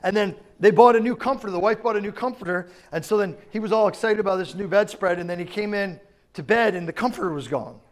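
Fast and high-voiced, a man preaches as though chatting with his congregation, frequently putting questions to them about whether they follow.

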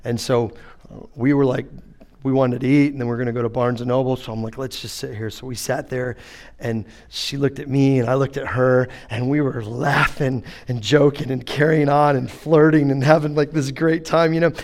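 Delivering a sermon, a middle-aged pastor shares humorous family anecdotes, playing out the conversations, then shifts into call-and-response preaching. His voice is medium-pitched, steady, and a little mellow, at a normal speed.

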